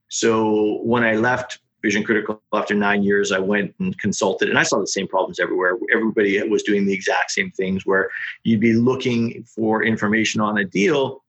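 A middle-aged man, a startup founder, telling his story in a casual podcast interview with quick, animated delivery. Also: lowish voice, husky. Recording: dull lo-fi sound.

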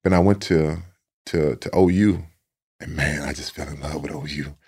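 Deep gravelly guy, laid back, telling old stories, doubles up his words. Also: normal speed. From Texas. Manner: relaxed, repeats words as he goes. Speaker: guest. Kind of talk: casual storytelling.

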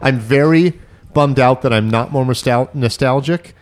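Man, podcast co-host, rambling, self-mocking, mid-pitched voice, casual banter. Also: moderate pace.

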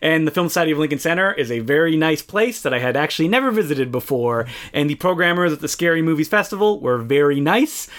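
A young adult man co-hosting a casual film podcast, telling a story with animated acted-out quotes. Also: fairly high pitch, quick pace, few pauses. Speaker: podcast co-host.

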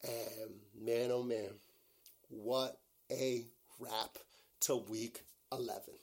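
Male podcast host, mid-pitched, casual monologue, rambly and filler-heavy, emotional and gushing. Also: little pitch movement, very slow, creaky, a little mellow. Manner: rambling, full of "like" and "you know".

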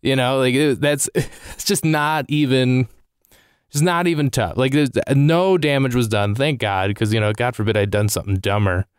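Comedian guy rambling thru a story, smooth clear voice, dry close mic. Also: mid-range voice, normal speed, dry recording. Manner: rambling, self-deprecating, with many restarts. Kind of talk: casual storytelling monologue.

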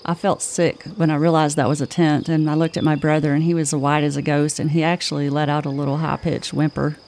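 Woman telling a spooky tale in a flat voice. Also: low voice, slight background noise. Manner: slow, measured, flat delivery. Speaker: podcast co-host. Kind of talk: spooky campfire-style storytelling.

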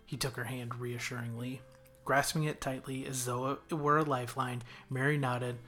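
A man reading a story chapter aloud as a guest narrator, in a steady, measured way. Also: mid-range voice. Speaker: guest reader. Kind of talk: audiobook narration.

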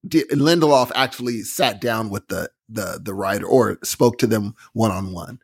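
A man co-hosting a podcast, chatting casually and telling animated stories, acting out what other people said. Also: lowish voice, normal speed, vocal fry, husky. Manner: animated storytelling, acts out quoted voices. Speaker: podcast co-host. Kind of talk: casual chat.

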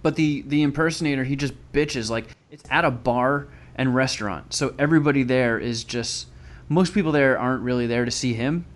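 A man's voice: medium pitch, a little fast, hardly any pauses. A man telling a crude, sarcastic story in casual chat. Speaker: podcast guest telling a story.

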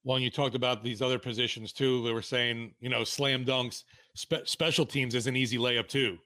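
Easygoing man with a bright voice. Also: medium pitch, steady tone, moderate pace. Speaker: podcast co-host. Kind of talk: casual sports podcast chat.

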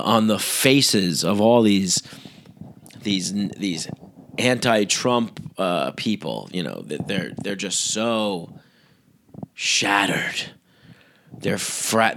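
A man with a fairly low voice launches into a rambling monologue, swearing freely and dripping with sarcasm. He stumbles through restarts and fillers as he builds his complaint. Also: fairly bright tone, slight background noise. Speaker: political commentator. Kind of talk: ranting monologue.

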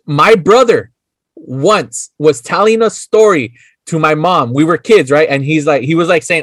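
A man's voice: a little high, normal speed, no room sound. A man, chatting casually as podcast co-host, swearing freely and slipping into Spanish. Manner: profane, animated, code-switches into Spanish. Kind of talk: casual chat.

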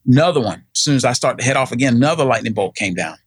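A man's voice: mid-range voice, expressive, racing, slightly rough, no echo. A middle-aged man, telling a personal story in casual chat, rambling with many fillers and acting out what people said. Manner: rambling, many fillers and restarts, acts out quoted voices. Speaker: guest telling his story.

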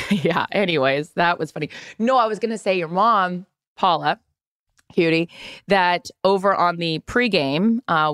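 A woman's voice: fairly low pitch, no echo, clean studio sound. A woman co-hosting a podcast in casual chat, telling stories and acting out the quotes. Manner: lively storyteller acting out quotes. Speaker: podcast co-host.

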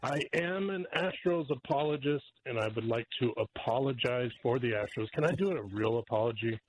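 A man's voice: medium pitch, brisk, a little hiss or hum, poor audio. A man calling into a sports radio show from Arizona, joking playfully. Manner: jokey, playful. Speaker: caller. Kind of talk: phone-in call to sports radio.

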